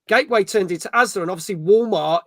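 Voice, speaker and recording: A man's voice: high voice, quick pace, fairly bright tone, dry recording. A middle-aged man from Birmingham with a Birmingham accent, hosting a casual gaming chat show. He chats loosely, swears freely and jokes about himself. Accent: Birmingham English. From England. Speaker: podcast host.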